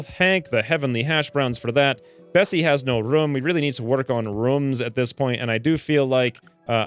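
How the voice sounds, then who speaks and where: A man commentating his own gameplay in a jokey, animated way, slipping into squeaky voices for the characters. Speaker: gaming video host. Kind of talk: let's play commentary.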